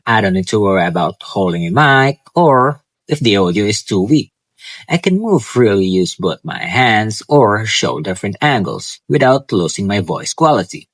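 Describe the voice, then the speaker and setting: A man's voice: on the low side, big pitch swings, moderate pace, no echo. A male student vlogger casually and eagerly talking through his home tech, with small slips and restarts. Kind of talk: casual tech vlog talk. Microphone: clip-on wireless mic.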